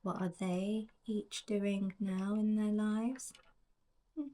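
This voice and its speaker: Slow, whispery woman in her forties. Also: mid-range voice, fairly even intonation, dark tone. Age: 40s. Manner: reflective, drifting into whispers. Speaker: colouring book author. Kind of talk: soft whispered narration.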